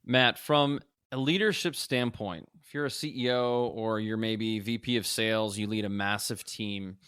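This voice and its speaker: A man hosting a business podcast, asking his guest questions in a measured, businesslike way. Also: fairly low pitch, steady tone, fairly bright tone, clear, resonant tone, dry recording, clean studio sound. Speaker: podcast host. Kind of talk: interview questions.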